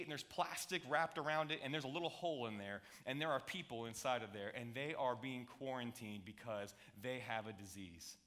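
A man preaching a sermon, conversational and emphatic, repeating words to drive points and building to loud passionate stretches. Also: fairly high pitch. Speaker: pastor.

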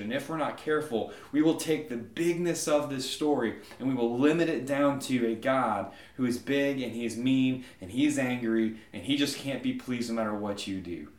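A man preaching a sermon, animated and conversational, often checking in with a quick "right?". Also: mid-range voice, roomy sound. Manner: animated storytelling, frequent "right?" asides. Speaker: pastor.

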